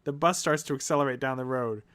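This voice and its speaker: A man streaming himself reading an AI text game aloud, mostly deadpan but breaking into laughter. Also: mid-range voice, fast talker, clean tone.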